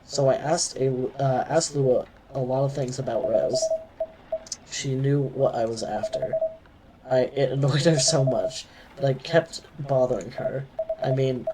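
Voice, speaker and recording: A man reading a young male elf freelancer's game lines in a casual, slightly cocky storytelling way, over loud background noise. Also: mid-range voice, unhurried, lightly acted. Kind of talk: reading game dialogue aloud.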